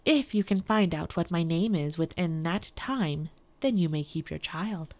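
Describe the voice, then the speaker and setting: A woman's voice: fairly low pitch, a little slow, darkish tone. A woman reading the part of a small, sly and demanding male imp in a storybook reading.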